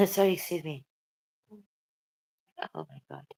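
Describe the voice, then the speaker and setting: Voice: mid-range voice, slow pace, sharp tone. A channel host talking emotionally and hesitantly in a casual livestream chat.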